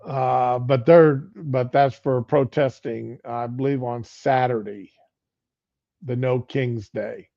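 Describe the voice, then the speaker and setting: A man's voice: medium pitch, fairly even intonation, slow pace, gravelly, warm tone. A middle-aged man giving casual political commentary on a livestream, rambling and conversational. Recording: lo-fi stream audio.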